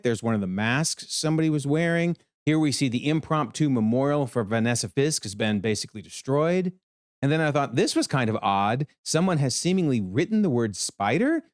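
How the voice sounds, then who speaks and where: Lively, animated man breaking down TV episodes. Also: mid-range voice, no room sound, studio quality. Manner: animated, exclaiming. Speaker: video commentator.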